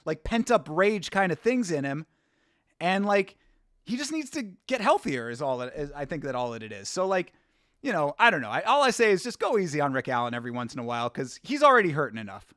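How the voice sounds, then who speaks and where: A man's voice: fairly high pitch, sing-song, a little fast, fairly bright tone, no echo, clean studio sound. A man hosting a live watch-along stream, chatting casually, rambling and laughing as he reads from chat.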